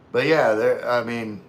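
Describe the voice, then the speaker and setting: A man with a mid-range voice hosts a casual livestream, reading viewer comments aloud and chatting in a rambling way. He often loses his train of thought.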